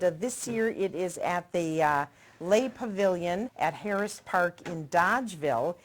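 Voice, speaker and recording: A middle-aged woman hosting a local TV cooking segment, chatting in a friendly, promotional way while she tastes the food. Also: fairly low pitch. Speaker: TV show host. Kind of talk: casual cooking segment chat.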